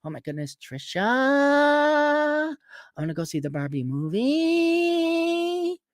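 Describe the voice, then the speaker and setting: A man's voice: extremely high pitch, sing-song, slow pace, dry recording, clean studio sound, voice pushed up, heavily acted. Man mocking a gushing valley girl. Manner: breathless, gushing.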